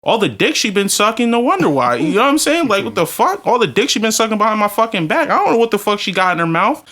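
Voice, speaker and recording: A man, drunk and telling crude stories on a podcast, ranting loudly with profanity and bursts of laughter. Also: high-pitched, big pitch swings, fast talker. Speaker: podcast co-host. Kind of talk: crude storytelling banter.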